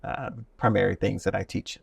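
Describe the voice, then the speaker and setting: A man's voice: fairly low pitch, steady tone, normal speed, creaky, husky, no room sound, recorded from a distance, lo-fi sound. A man, a voice teacher, explaining his methods with enthusiasm as an interview guest.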